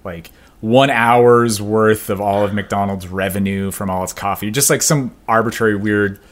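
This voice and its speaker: A man's voice: fairly low pitch, fairly even intonation, normal speed. A man co-hosting a podcast in casual chat, rambling and laughing as he talks. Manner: rambling, laughs often, trails off. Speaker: podcast co-host.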